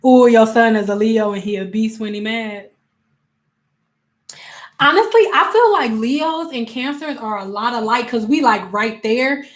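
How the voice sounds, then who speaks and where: A woman hosting a casual livestream as a spiritual coach, telling animated stories full of slang and acted-out quotes. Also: fairly high pitch, measured pace. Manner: emphatic repetitions.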